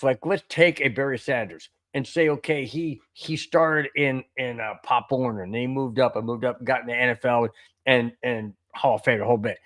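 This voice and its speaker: A man's voice: medium pitch, fairly bright tone. Chatty man in his sixties. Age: 60s. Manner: chatty, asks loose hypothetical questions. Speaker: podcast co-host. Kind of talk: casual sports podcast chat.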